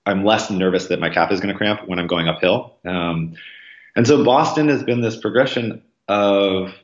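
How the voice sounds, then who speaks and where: A man talking as a podcast guest, rambling casually with lots of ums and likes, acting out quoted voices. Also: moderate pace. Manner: acts out quoted voices with jumps in pitch. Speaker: podcast guest, marathon runner. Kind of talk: casual interview conversation. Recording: roomy, slightly dull sound.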